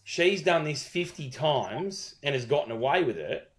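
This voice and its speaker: A man's voice: a little high, lively intonation, measured pace, a crowd in the background. Profane Aussie man spinning a pub yarn. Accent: Australian. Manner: profane, rambling storyteller with many restarts. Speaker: podcast co-host. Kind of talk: casual storytelling chat.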